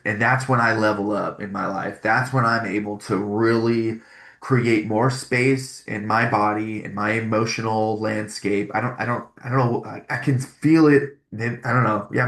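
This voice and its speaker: A man's voice: lowish voice, a bit bright, echoey room. Earnest man hosting a parenting podcast. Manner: earnest, restarts and repeats phrases. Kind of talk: casual solo podcast talk.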